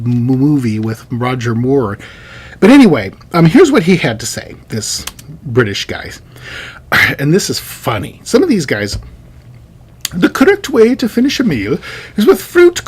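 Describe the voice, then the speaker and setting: Husky, animated male lecturer. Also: medium pitch. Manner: animated, digressive with joking asides. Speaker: university instructor. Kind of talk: recorded lecture.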